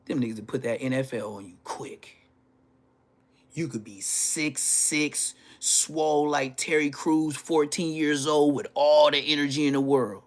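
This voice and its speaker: A man telling profane, animated stories from his school days on a casual livestream, laughing as he goes. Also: fairly high pitch, unhurried. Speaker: livestream host. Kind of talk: casual storytelling.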